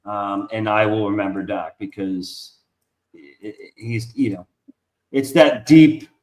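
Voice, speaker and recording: A man's voice: lowish voice, measured pace, a little mellow. A man hosting a casual drawing stream, rambling enthusiastically and cursing freely. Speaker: artist and stream host. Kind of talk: casual chat. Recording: roomy echo.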